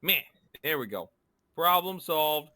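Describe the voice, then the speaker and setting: Playful male game master, bright, animated, slightly high. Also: slow pace, no echo. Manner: playful, teasing, sing-song. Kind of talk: running a tabletop game session.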